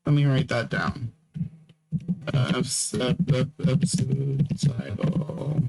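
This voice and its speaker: A man's voice: mid-range voice, little pitch movement, takes it slowly, creaky, darkish tone, breathy edge, low-quality recording. A man hosting a podcast in a casual, rambling monologue, drowsy and yawning, often stammering and repeating himself. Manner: repeats words and phrases, stammering restarts; drowsy, yawning between topics. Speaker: podcast host.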